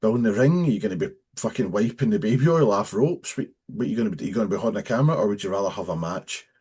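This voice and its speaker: A man's voice: fairly low pitch, expressive, very fast, dark tone, husky. A Scottish man in his thirties, a pro wrestler telling stories bluntly with plenty of swearing. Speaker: guest, professional wrestler. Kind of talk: casual chat.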